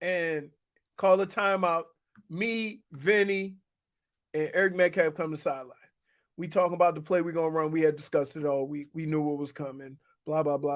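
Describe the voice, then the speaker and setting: High-voiced animated male sports radio co-host. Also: normal speed. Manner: animated storyteller, laughs a lot. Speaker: radio co-host, former pro football player. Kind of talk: casual sports talk radio chat.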